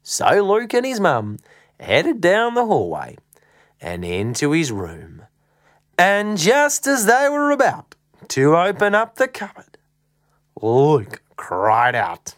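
A woman narrating a children's story, with dramatic pauses and dips into a whisper. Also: fairly low pitch, wildly swooping pitch, no room sound, clean studio sound. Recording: soft guitar music behind.

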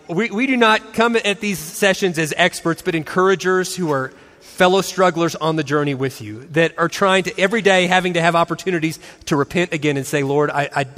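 A man's voice: high voice, lively intonation, brisk, a bit bright, in a large hall. A man in his forties telling a story to an audience as a co-host, acting out the quotes and laughing often. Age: 40s. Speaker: pastor co-host of a marriage and parenting session.

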